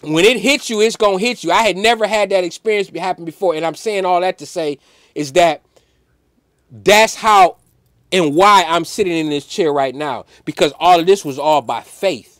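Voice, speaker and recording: A man, a musician guest on an interview show, telling a personal story in an animated, emphatic way, full of "like" fillers. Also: sits high, moderate pace, no room sound, clean studio sound. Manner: emphatic, preacher-like insistence.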